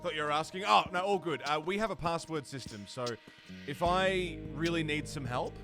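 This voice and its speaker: With music playing in the background, a live streamer comments on his game, talking to chat casually and poking fun at himself. His voice is a little high, at a moderate pace.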